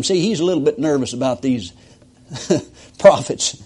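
A man's voice: a little high, animated, unhurried, long pauses, slightly rough. A male preacher giving a sermon, reading scripture aloud and stopping to explain it with emphatic inflection.

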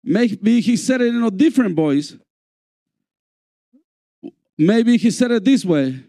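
A man preaching a sermon in a church, slow and repetitive, calling out for amens. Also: high voice, animated, dark tone, no echo, studio quality. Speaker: pastor.

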